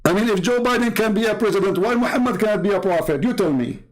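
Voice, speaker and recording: A man's voice: high voice, fast. A man hosting a live stream, giving a sarcastic, mocking polemical monologue with chuckles.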